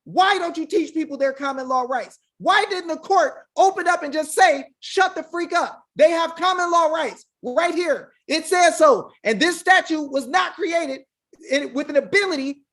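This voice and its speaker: A woman with a high-pitched voice delivers a fiery, preachy monologue straight to her viewers. She piles up rhetorical questions and keeps calling them y'all. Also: moderate pace, fairly bright tone. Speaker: online legal rights commentator.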